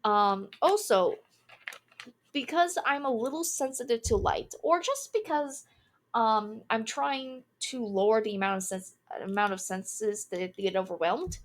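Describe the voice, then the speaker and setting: Casting note: twenty-something woman, candid, animated storyteller. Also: on the high side, unhurried. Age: 20s. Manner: animated, candid, laughs through the telling. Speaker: streamer. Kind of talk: casual storytelling.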